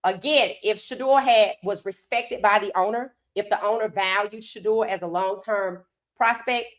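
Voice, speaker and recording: A woman hosting a live sports talk stream, reading viewer comments aloud and reacting with animated opinions, her voice worn from hours of streaming. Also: medium pitch, normal speed. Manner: animated, talks straight to chat, reads comments aloud. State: losing her voice.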